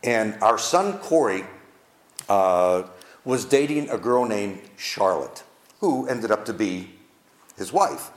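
A man's voice: on the low side, animated, slow. An older man, a pastor, telling a personal story in a sermon, heartfelt and emphatic, often repeating his phrases. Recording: roomy echo.

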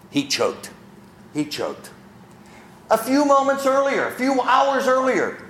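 A man's voice: high-pitched, a bit bright, slight background noise. A man preaching a sermon, asking his listeners rhetorical questions. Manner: asks the audience rhetorical questions; acts out quoted people in character. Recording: echoey room.

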